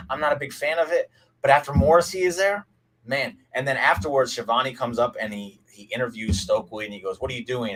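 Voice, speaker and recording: Young guy doing a casual wrestling recap stream, kinda low voice, chatty, trips over his words a lot, talks back to chat. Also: a bit bright, poor audio. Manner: chatty, opinionated, restarts often, reads chat aloud. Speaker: wrestling show recap host. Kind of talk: casual live-stream commentary.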